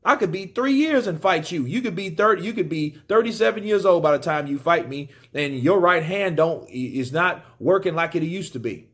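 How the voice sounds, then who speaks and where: A man's voice: fairly high pitch, expressive, moderate pace, few pauses, a bit bright. A man putting on a cocky young boxer who taunts an older rival. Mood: taunting. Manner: boastful, taunting.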